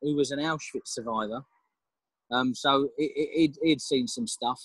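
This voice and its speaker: Man, husky, reflective, guest talk, dry close sound. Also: mid-range voice, normal speed, a bit bright, dry recording, rough recording. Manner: reflective, laughing, hesitant restarts. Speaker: podcast guest, father. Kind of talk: casual interview chat.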